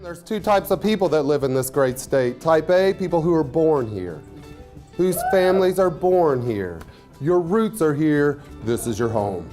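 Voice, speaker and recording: Slow-talking man with Indiana twang. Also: a little high, lively intonation, music in the background. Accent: Southern Indiana twang. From Southern Indiana. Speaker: comedian. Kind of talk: stand-up comedy and casual interview.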